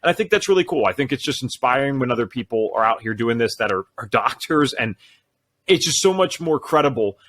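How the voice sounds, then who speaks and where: Fast-talking casual male podcast host. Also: medium pitch, expressive, a bit bright. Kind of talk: casual interview talk.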